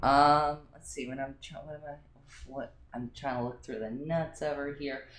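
A man's voice: mid-range voice, steady tone, moderate pace, a bit bright. A man co-hosting a casual podcast chat, hesitating with many ums and restarts. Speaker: podcast co-host. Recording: roomy echo.

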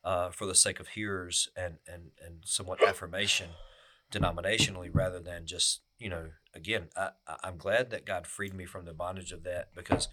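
A man with a very low voice speaks in a podcast chat. He is earnest and preacherly, with frequent restarts and repeated words. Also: fairly even intonation, brisk, heavy background noise.

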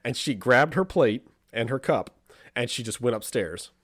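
A man telling a family story in casual chat, animated and acting out what people said, with a lot of restarts. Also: mid-range voice, moderate pace, husky, no echo, studio quality. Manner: animated, acts out quoted voices, frequent restarts.

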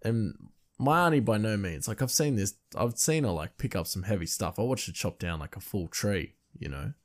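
A young man with a lowish voice tells a loose, chatty anecdote. He wanders off on tangents, stacks up fillers, and breaks into laughter often. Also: lively intonation, moderate pace. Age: young adult. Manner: rambling, laughs a lot, many fillers. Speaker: storyteller. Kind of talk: casual anecdote.

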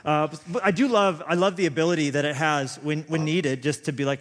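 A pastor in his thirties preaches a sermon in a fairly high voice, speaking briskly with fairly even intonation and few pauses. He tells rambling, self-deprecating stories full of restarts, and a long hall reverb surrounds his voice.

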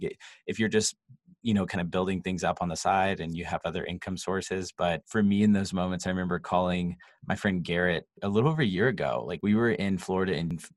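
A man's voice: low voice, no echo, clean studio sound. A man hosting a podcast interview, reflective and conversational. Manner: reflective, conversational, uses "like" and "you know". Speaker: podcast host. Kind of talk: casual interview chat.

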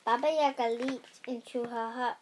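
A young girl reading a fairy tale aloud slowly and carefully. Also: a little high, fairly even intonation, a little mellow, a little hiss or hum.

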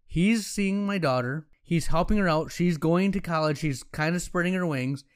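An exasperated middle-aged mother who has been talked down from her anger, as a man quotes her. The voice is smooth and clear. It sits a bit high. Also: moderate pace, natural voice. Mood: resigned.

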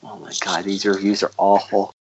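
A man's voice: low-pitched, flat delivery, normal speed, darkish tone, husky, highs cut off. A man hosting a podcast in casual chat, exclaiming and repeating himself as he talks. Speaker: podcast host.

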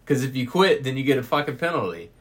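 A man's voice: mid-range voice, big pitch swings, fast talker. An American man co-hosting a podcast in casual chat, swearing constantly and rambling through stories with laughs. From United States. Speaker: podcast co-host.

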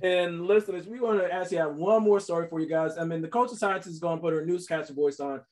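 A man's voice: fairly high pitch, fast. A man co-hosting a casual comedy podcast, joking and jumping in often. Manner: animated, joking, interjects often. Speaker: podcast co-host.

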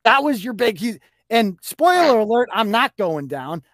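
A man's voice: sits high, sing-song, a little slow, a bit bright, no room sound. Profane, combative male podcast host. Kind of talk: heated podcast rant.

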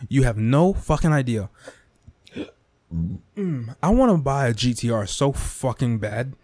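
A young man on a podcast, talking off the cuff in a loose, profane rant. His pitch leaps all over the place as he gets worked up, and the sound is close and dry with no room around it. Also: measured pace, no echo. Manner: animated, profane, repetitive, swings into mock whispers and impressions. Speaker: podcast host. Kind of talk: casual rant monologue.

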